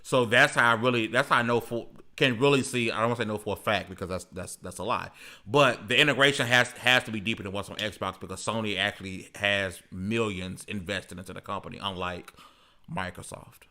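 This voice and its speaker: A man hosting a casual panel chat, animated and quick with slang and asides. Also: lowish voice.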